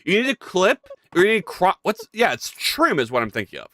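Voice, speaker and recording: Talking fairly quickly in a mid-range voice, this game developer hangs out casually on stream, greeting viewers by name. The tone is excitable and self-mocking, with plenty of swearing.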